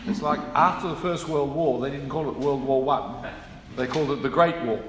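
A man's voice: medium pitch, normal speed, a little hiss or hum. Man preaching in an echoey hall. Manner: explanatory, with emphatic stresses and asides. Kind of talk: sermon. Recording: echoey hall with room ambience.

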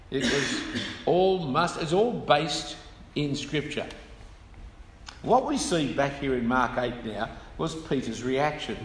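A man's voice: mid-range voice, a little hiss or hum. A man preaching a sermon, explaining scripture with emphatic stresses and asides. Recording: echoey hall with room ambience.

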